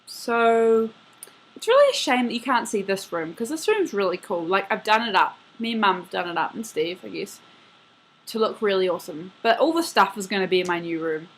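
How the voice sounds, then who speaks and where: A woman's voice: medium pitch, animated, brisk, a little hiss or hum. An eighteen-year-old woman talking to her best friend in a casual video message from her bedroom, rambling and filling her talk with "like" and "um". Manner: chatty, rambling, full of "like" and "um".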